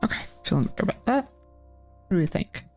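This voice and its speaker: A woman's voice: mid-range voice, sing-song, fast, darkish tone, soft background music. A woman chatting casually on a live stream as she paints, thinking aloud and rambling with lots of filler words. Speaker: artist and cast member drawing on a live stream.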